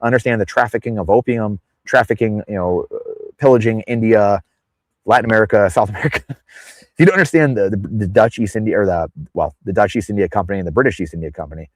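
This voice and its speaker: On a dry recording, a lowish-voiced man talks fast as a guest on a podcast, chatting casually in an interview. He wanders into tangents and imitates the people he quotes with exaggerated voices.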